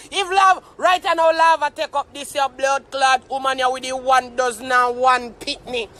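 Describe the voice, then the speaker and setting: A man's voice: very high-pitched, moderate pace, few pauses, sharp tone. A young Jamaican man ranting on a live stream, mock-tearful and theatrical. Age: young adult. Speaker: social media commentator.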